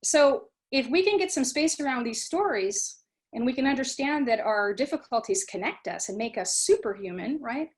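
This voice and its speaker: A woman's voice: high-pitched, lively intonation, normal speed. A middle-aged woman, a program director, giving an informal talk on mindfulness. She talks conversationally and acts out students' inner voices. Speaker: study abroad program director.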